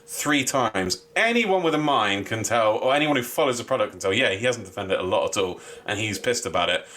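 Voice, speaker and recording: A man co-hosting a podcast in casual chat, ranting with animated, sweary exasperation. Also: on the low side, fast, a little hiss or hum. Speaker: podcast co-host.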